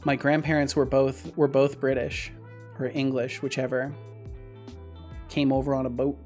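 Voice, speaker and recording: A man talking casually to his livestream audience, rambling with many restarts. He breaks into loud, excited outbursts, and faint background music runs under his voice. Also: mid-range voice, normal speed. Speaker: streamer and game developer.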